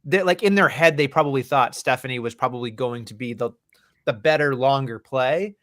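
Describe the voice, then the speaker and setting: A man's voice: mid-range voice, fairly quick, fairly bright tone. A man co-hosting a podcast, casually chatting and joking about wrestling, swearing freely. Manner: laid-back, joking, profane. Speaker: podcast co-host.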